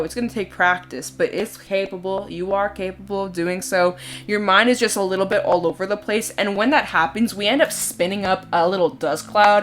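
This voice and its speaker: A woman giving a casual tarot reading in a chatty, expressive way, sometimes giggling and swearing casually. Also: mid-range voice. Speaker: tarot reader. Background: soft background music.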